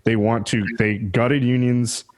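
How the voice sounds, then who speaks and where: A man with a Southern US accent hosting a podcast, talking in a rambling, profane, animated way about labor politics. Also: mid-range voice, unhurried. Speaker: podcast host. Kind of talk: casual political chat.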